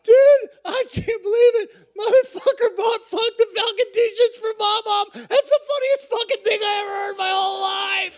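A man putting on a drunk young male football fan who shouts while crying with laughter. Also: extremely high pitch, normal speed, hardly any pauses, pitched above the performer's own voice. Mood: hysterical.

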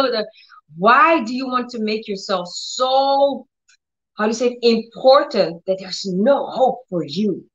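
A woman's voice: medium pitch, expressive, normal speed, lo-fi sound. Emphatic woman preaching divine healing. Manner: emphatic, commanding, repeats words, acts out prayers. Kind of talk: charismatic healing sermon.

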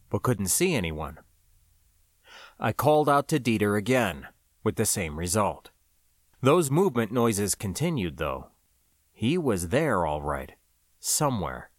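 A man narrating a science-fiction novel in the first person, with a measured, expressive storytelling delivery. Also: on the low side, dry recording, clean studio sound. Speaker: audiobook narrator.

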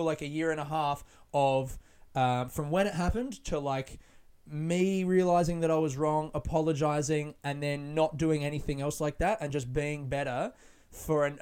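A man's voice: fairly high pitch, clear, resonant tone. A young adult man, a comedian, talking frankly in a casual monologue, swearing freely and rambling with restarts. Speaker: stand-up comedian.

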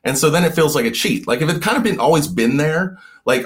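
Man, guest author, podcast chat, halting, repeats words, mid pitch. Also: animated, fairly bright tone. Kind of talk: casual podcast conversation.

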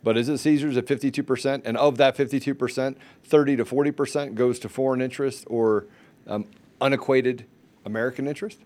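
A man hosting a podcast interview, animated and laughing often. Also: mid-range voice, brisk. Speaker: podcast host.

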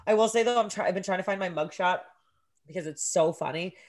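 Fast and on the low side, her voice carries an animated story as she co-hosts a podcast. The woman, in her thirties, keeps the casual chat energetic and swears heavily.

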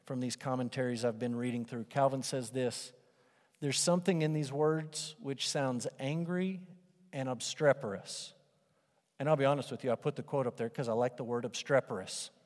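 Animated male pastor in a reverberant hall. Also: medium pitch, normal speed. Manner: animated, acts out voices of doubters and Moses. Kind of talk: sermon.

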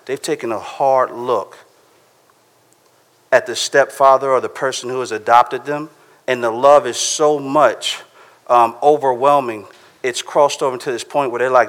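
Casual preacher in a reverberant hall. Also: male voice, mid-range voice, steady tone, normal speed, fairly bright tone. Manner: casual, conversational preaching with frequent "right?". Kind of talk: sermon.

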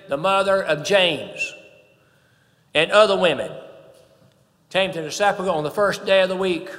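High, bright-voiced man preaching. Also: in a large hall. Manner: emphatic preaching, swelling and dropping in volume. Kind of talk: sermon.

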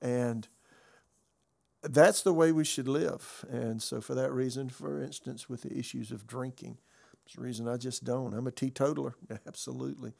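A man's voice: medium pitch, fairly even intonation, normal speed, gravelly, mellow. An older male pastor giving a conversational sermon, telling a story earnestly and often restarting and repeating words.

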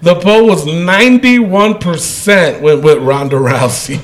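High-voiced laughing man podcaster. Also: unhurried. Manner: laughs often, reads comments aloud. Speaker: podcast co-host. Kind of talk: casual chat reading listener comments.

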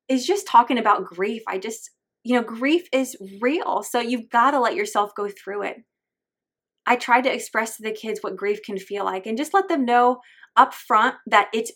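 A woman's voice: on the high side, a bit bright. A woman hosting a faith-based parenting podcast, speaking in a heartfelt, openly emotional and earnest way. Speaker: podcast host.

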